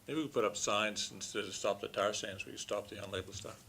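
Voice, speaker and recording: A man's voice: on the low side, fairly even intonation, a little fast, bright, forceful tone. A man on a commission who asks a witness courteous questions at a meeting and thinks aloud as he goes. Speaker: commission member.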